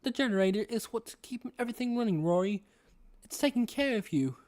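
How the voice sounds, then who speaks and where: A man's voice: high-pitched, animated, a little mellow, voice pushed up. A man doing William Afton, coaxing British villain. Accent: attempted British. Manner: coaxing, drawn-out, repeats the boy's name. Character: sinister soothing older male villain. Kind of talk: reading a horror novel aloud.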